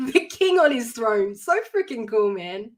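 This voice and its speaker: A woman's voice: a little high, slow. Chatty woman co-hosting a live stream. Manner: chatty, expressive, emphatic reactions. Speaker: co-host of entertainment live stream. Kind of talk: casual chat.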